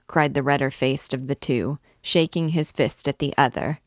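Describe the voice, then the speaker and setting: A woman reading a classic novel aloud in measured, clear narration. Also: very deep voice, animated, no room sound, clean studio sound. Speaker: reader. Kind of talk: literary read-aloud.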